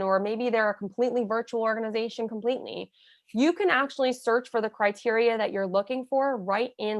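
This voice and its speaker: A woman with a fairly high voice teaches nonprofits in an emphatic coaching tone. She acts out sample messages as she explains each step. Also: no echo. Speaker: nonprofit consultant. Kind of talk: instructional talk.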